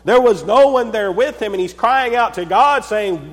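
A man preaching a Sunday sermon to his congregation. He asks rhetorical questions and pauses for effect, dropping to a low hush on key words. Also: expressive. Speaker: pastor. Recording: long hall reverb.

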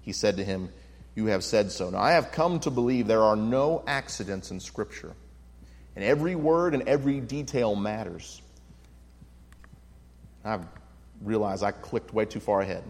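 A man's voice: lowish voice, lively intonation, moderate pace, pauses often, a little mellow, big-room sound. A man teaching a Bible study in an earnest, explanatory way, reading scripture passages aloud and commenting on them. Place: room with a projection screen.

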